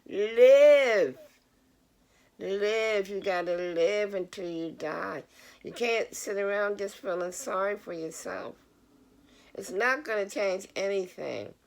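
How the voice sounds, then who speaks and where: A middle-aged woman vlogger with a creaky, mid-range voice speaks at a measured pace. She gives a casual, earnest motivational talk directly to her viewers, coming across as somewhat preachy.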